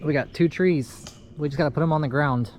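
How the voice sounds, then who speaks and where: A man's voice: a little high, fairly quick. A man casually narrating his tree service work day, chatty and laid-back as he works. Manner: chatty, laid-back, talks while working. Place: outdoors in a yard. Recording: outdoor work noise behind voice.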